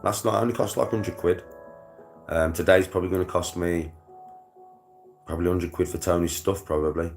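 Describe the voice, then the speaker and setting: A man's voice: low-pitched, fairly even intonation, moderate pace, pauses often, faint music behind. A young British man chatting casually to his viewers, full of slang and swearing, laughing often. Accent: British English. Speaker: vlogger. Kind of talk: casual chat to a livestream.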